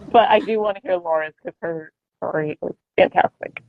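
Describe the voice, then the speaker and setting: A woman chatting quickly and laughing. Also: lowish voice, animated, lo-fi sound. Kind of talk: casual chat.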